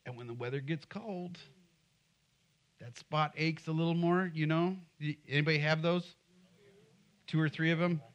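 Conversational pastor, higher voice. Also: male voice, steady tone, normal speed, long pauses, dull audio. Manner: conversational, humorous, asks the congregation questions. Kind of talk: sermon.

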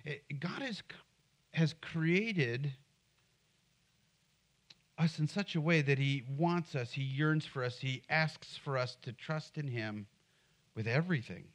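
A man's voice: on the high side, slow, pauses often. A middle-aged man preaching a sermon in church, conversational and humorous, often asking the congregation questions. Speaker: pastor.

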